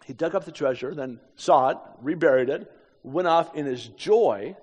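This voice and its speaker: A man's voice: fairly high pitch, moderate pace, a little mellow, breathy edge. A man in his fifties from the United States, telling a story in a sermon with casual, self-deprecating asides. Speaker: preacher. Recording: echoey hall.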